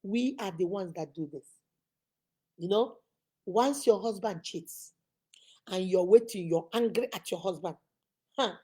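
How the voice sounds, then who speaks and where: A woman's voice: mid-range voice, a little slow, long pauses, mellow, slightly rough. A woman with a Nigerian accent giving emphatic relationship advice to camera, acting out quoted people as she goes. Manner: emphatic, preachy, mimics people with voices.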